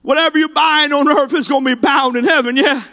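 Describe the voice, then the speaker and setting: Male preacher, high bright tone, shouted sing-song delivery. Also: steady tone, fairly quick, big-room sound. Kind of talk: sermon.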